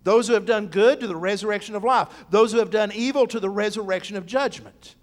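An emphatic male pastor delivers a sermon, drawing his listeners in with storytelling. His voice sits high for a man, and his delivery is pointed and preacherly. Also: brisk.

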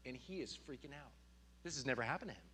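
A man in his thirties preaching a sermon, animated and telling stories with sudden loud outbursts. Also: mid-range voice, quick pace, slight background noise. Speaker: pastor.

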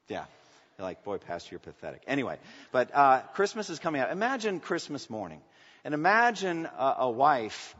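A male pastor with a husky, breathy edge preaches a sermon, swinging between loud emphatic lines and quiet asides. His voice rings with a long reverb, as if in a large church hall, and the recording sounds dull and lo-fi. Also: mid-range voice.

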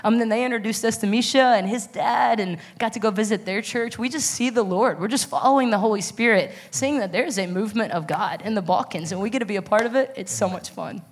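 A woman hosting a church talk show, introducing the story in a quick, enthusiastic way. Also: mid-range voice. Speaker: host.

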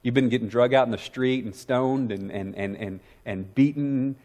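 A middle-aged pastor delivering a sermon in a voice of ordinary pitch for a man. He stumbles over repeated words when he gets fired up, then drops to a hushed, intimate tone. The delivery is earnest and direct. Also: steady tone, normal speed.

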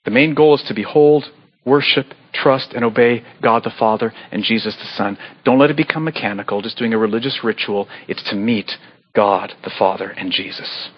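A man preaching a sermon as pastor, earnest and pleading, with sudden animated bursts. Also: fairly low pitch, normal speed, husky, dull audio. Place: church sanctuary.

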